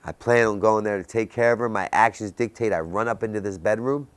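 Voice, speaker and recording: Deep-voiced man telling his story intensely. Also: a little fast, clean tone, no room sound. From Baltimore area, US. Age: 30s. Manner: intense storytelling, dramatic quiet drops. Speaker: recovery speaker. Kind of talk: personal testimony.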